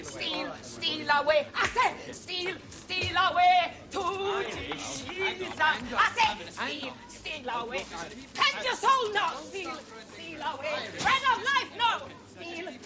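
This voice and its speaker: A woman's voice: sits high, very animated, measured pace, long pauses, loud music behind the voice, a loud crowd. An actress playing an eccentric, defiant woman who sings hymns in a singsong, theatrical way, in a television police drama. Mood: singing fervently. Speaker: supermarket troublemaker.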